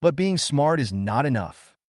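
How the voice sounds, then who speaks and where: Guy reading as a smug calm dude in glasses, measured and lecturing, dry close sound. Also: medium pitch, dry recording, voice pushed up. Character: calm, smug young man in glasses, quietly confident.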